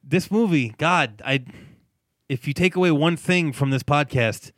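A man hosting a podcast, chatting casually about movies, emphatic and quick to laugh. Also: fairly high pitch, fairly bright tone, no echo, studio quality. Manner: emphatic, laughs often, urges listeners. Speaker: podcast host.

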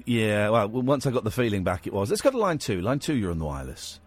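Male phone-in host, bouncy high voice, music under him. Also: fast, breathy edge. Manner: animated, jokey, laughs a lot. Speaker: radio host. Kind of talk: late-night phone-in radio chat. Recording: radio studio with music bed.

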